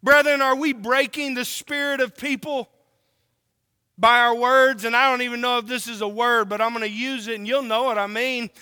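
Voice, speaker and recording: A man's voice: very high-pitched, fairly even intonation, moderate pace, bright, forceful tone, clean tone, big-room sound. A man from Oklahoma preaching a sermon, emphatic and drawn out, asking the congregation rhetorical questions.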